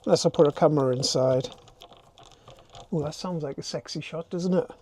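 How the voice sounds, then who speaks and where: A man's voice: fairly high pitch, normal speed, long pauses, dark tone, a little hiss or hum. An older man, vlogging casually to a handheld camera as he works inside a camper van, self-mocking and thinking aloud. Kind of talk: casual DIY vlog talk to camera.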